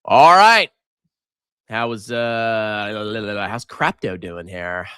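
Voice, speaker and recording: A man in his thirties hosts a casual finance livestream with a bright, forceful edge to his voice. His pitch swings widely as he reacts to prices with jokey exclamations. The sound is dry and close to the mic. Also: extremely slow, clear, resonant tone, no room sound. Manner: animated, jokey, reacts loudly to price moves.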